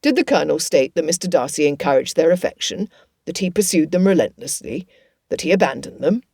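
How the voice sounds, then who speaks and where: A caring older father speaks low and slow, with a soft, warm tone, as a woman reader puts him on. His voice sounds close and dry, like a storybook reading. He stays patient and comforting. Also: animated, breathy edge, dry recording, full character voice. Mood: gentle. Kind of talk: audiobook character voice.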